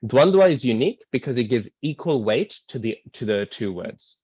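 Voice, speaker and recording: A man's voice: mid-range voice, big pitch swings, moderate pace, darkish tone, slightly rough, no echo, highs cut off. A man explaining a scripture verse in a casual online class, with many ums and rhetorical "right?" checks. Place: online video call.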